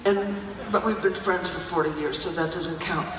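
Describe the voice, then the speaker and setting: A woman's voice: lowish voice, normal speed, slight background noise. Older woman telling a story on a theater stage. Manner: animated, chatty, laughing, many fillers. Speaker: singer and stage performer. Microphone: audience phone recording from far off. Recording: echoey theater, phone from far off.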